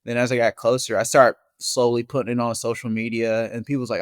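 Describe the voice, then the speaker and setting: A man's voice: mid-range voice, fast, no room sound, clean studio sound. A man, a marathon runner, chatting casually as a podcast guest and telling stories with easy laughs. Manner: relaxed storyteller, laughs easily. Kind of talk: casual interview chat.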